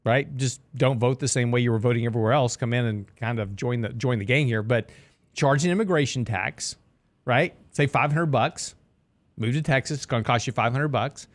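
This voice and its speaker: A finance talk show host speaks at a normal pace in a medium-pitched voice, recorded on a studio mic with no echo. His radio commentary on the markets is conversational and peppered with jokes.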